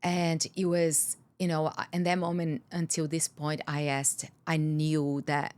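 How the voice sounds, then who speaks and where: A woman's voice: sits low, little pitch movement, unhurried, a little mellow. A woman from Brazil, a guest telling a personal story in an interview, candid and earnest, her words tumbling out with many restarts.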